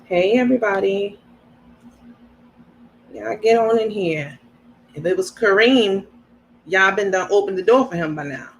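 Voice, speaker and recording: A woman's voice: medium pitch, unhurried, pauses often, highs cut off, a little hiss or hum. Woman doing a chatty livestream, laughs a lot, greets everybody. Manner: chatty, greets viewers by name, laughs often. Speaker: livestream host. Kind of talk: casual livestream chat.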